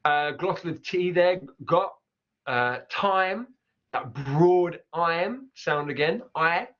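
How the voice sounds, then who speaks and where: A man's voice: on the high side, lively intonation. Man breaking down pronunciation. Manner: repeats words slowly to demonstrate. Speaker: accent teacher. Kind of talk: explaining pronunciation over clips. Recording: dull lo-fi sound.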